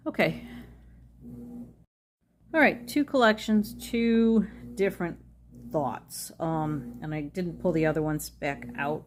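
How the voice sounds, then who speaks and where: A woman's voice: sits low, slight background noise. A woman chatting casually as she reviews nail polish, rambling with frequent ums.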